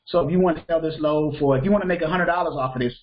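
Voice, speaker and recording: Speaking very fast in a fairly high pitch, a man teaches a live freight broker class on lo-fi audio. He talks informally, goes over phrases again, and checks that his students are following.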